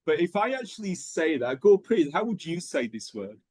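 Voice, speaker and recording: A man running an online teacher training session, talking in a steady rhythm with frequent ums and okays. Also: on the high side, normal speed, breathy edge, no echo, rough recording.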